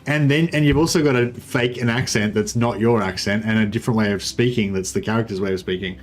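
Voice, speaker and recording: A man's voice: fairly low pitch, fairly even intonation, fast. A young Australian man giving rambling, laid-back commentary while streaming a strategy game, full of fillers. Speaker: gaming streamer. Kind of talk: casual livestream commentary.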